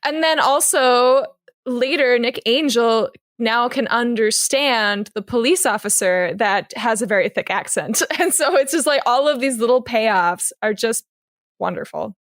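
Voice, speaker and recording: A woman hosting a podcast in casual chat, quick to laugh and asking questions. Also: fairly high pitch, fairly bright tone, no room sound, studio quality. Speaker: podcast host.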